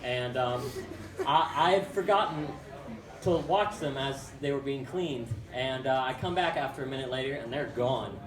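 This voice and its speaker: A young stand-up comic tells a rambling, self-mocking story full of fillers, his voice mid-range at a moderate pace. The recording is echoey and distant, with a crowd in the room.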